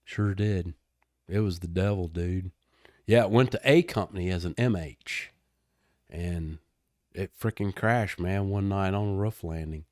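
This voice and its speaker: Laid-back older man, low voice. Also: measured pace, darkish tone, no room sound, studio quality. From Texas. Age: 60s. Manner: laid-back, laughs often, says "man" and "dude". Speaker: guest, retired helicopter pilot. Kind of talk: casual interview storytelling.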